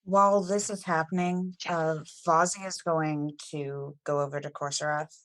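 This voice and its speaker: A woman with a low voice plays a tabletop role-playing game and describes what her character does. The sound is dry and close. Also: little pitch movement, moderate pace, few pauses, fairly bright tone, dry recording. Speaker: player. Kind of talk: casual tabletop game chat.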